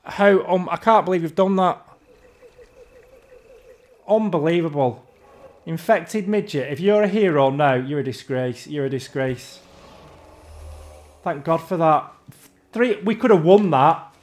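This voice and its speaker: A man's voice: fairly high pitch, lively intonation, measured pace, pauses often. A man ranting in exasperation while commentating his own gameplay. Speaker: gamer.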